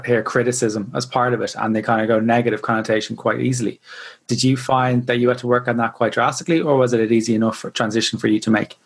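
A man hosting an interview, asking earnest, affirming questions. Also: medium pitch. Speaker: podcast host.

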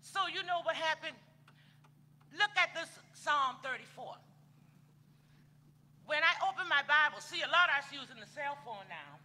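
A woman's voice: high-pitched, expressive, normal speed, pauses often, sharp tone. A woman minister, preaching a sermon in a folksy, conversational way and talking straight to the congregation.

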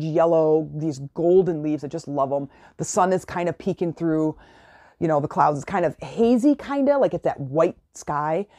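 A woman's voice: sits low, dark tone. A middle-aged woman hosting a motivational podcast, talking in a chatty, rambling way with lots of fillers. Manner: chatty, rambling, many "like" and "you know" fillers. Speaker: podcast host. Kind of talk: casual motivational monologue.

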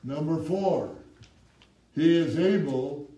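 A male pastor preaching an animated sermon, reading scripture in old-fashioned wording and prompting the congregation to finish the verses, with wry asides. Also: on the high side, slow. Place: church sanctuary with congregation. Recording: echoey room, speaker far from the mic.

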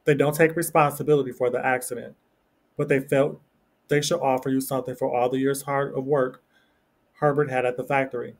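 A man's voice: medium pitch, flat delivery, a little fast, lightly acted. A man reading the lines of a nervous factory messenger in a storybook, in his own plain voice.

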